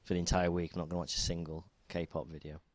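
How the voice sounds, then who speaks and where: A man's voice: low-pitched, level tone, fast, a little hiss or hum. A man co-hosting a podcast, teasing with short, dry quips in casual chat. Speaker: podcast co-host.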